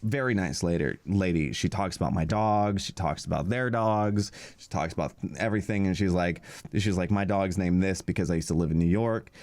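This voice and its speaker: A man's voice: low-pitched, a little fast, few pauses, a little mellow, no echo. A young man co-hosting a podcast, telling a long story in a casual, rambling way, full of fillers and acted-out quotes. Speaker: podcast co-host.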